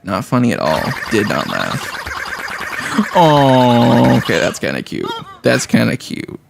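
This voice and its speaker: A man casually chatting and reacting to funny clips with a wry, expressive manner. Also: mid-range voice, slow pace, gravelly, background noise. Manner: wry, expressive, laughs easily. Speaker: co-host of reaction video.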